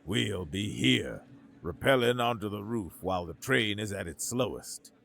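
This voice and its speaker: A quiet, commanding human tactician, as a male narrator plays him in a sci-fi audio story. The voice sits fairly low and delivers firm orders in a measured, even manner. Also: creaky, full character voice.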